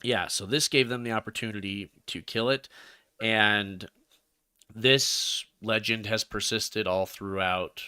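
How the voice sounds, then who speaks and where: Casting note: lower-pitched man, bright forward tone, dry close mic, loose rambling storyteller. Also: fairly even intonation, takes it slowly, smooth, no room sound. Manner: rambling storyteller with restarts, laughs into jokes. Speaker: podcast co-host telling a legend. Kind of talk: casual chat.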